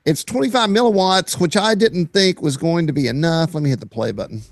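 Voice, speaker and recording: A man with a gravelly edge to his voice co-hosts a relaxed hobby chat. His talk is enthusiastic as he narrates his own video clips, and the sound is dry and close. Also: on the high side, fairly quick, no echo. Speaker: co-host. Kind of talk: casual chat.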